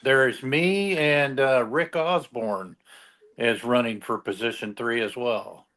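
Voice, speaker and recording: A man's voice: medium pitch, takes it slowly, a bit bright. A man guest on a live-stream chat, speaking hesitantly with many ums and uhs.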